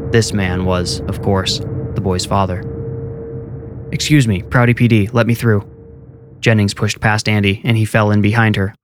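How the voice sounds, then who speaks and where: A man reads a horror story in a steady, measured way, a low voice carrying the suspense. The delivery is scripted and even. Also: clean tone, dry recording. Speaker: narrator. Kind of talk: scripted horror audiobook narration.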